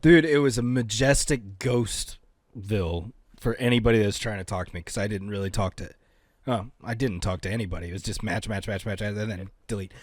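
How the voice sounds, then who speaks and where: A man's voice: lowish voice, a little fast, no room sound, clean studio sound. A man co-hosting a podcast, rambling and laughing through casual banter. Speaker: podcast co-host.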